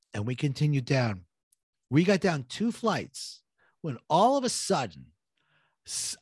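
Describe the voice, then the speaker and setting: A man's voice: a little high, dry recording, clean studio sound. A New man telling a harrowing story. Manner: vivid, reenacts dialogue, builds suspense. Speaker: guest telling his story. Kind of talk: emotional personal storytelling.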